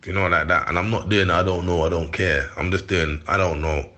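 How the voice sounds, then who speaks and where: A London man in his forties speaks as an interview guest, his voice deep but forceful and bright-edged. He talks in heated street slang, quick to laugh. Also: fairly even intonation. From London, England. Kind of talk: candid interview chat.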